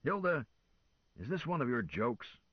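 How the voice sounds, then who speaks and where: A man voicing a gruff, impatient old man who barks questions like a drill sergeant. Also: mid-range voice, sing-song, a little slow, no echo, highs cut off, pitched above the performer's own voice. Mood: curt. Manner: demanding, impatient.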